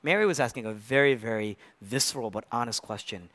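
A man preaching a sermon. He acts out voices from the story and drops from loud emphasis to hushed near-whispers. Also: mid-range voice, fairly quick, few pauses. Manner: acts out quoted voices of Mary and Jesus. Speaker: pastor.

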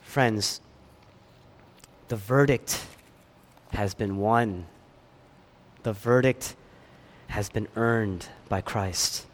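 A pastor preaching a sermon, swinging between loud emphatic lines and hushed ones, with chatty asides to the congregation. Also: male voice, on the low side, drawn-out words, pauses often, a little hiss or hum.

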